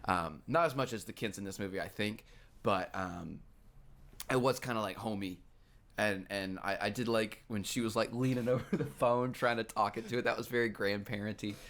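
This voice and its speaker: Man, podcast co-host, casual film chat, hesitant, reflective, pauses often, low voice. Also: fairly bright tone. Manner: hesitant and reflective, many fillers.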